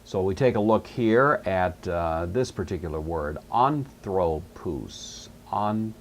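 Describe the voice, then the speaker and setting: A middle-aged man teaching Greek grammar in a recorded lecture, explaining patiently step by step and repeating key words slowly. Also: deep voice, slight background noise.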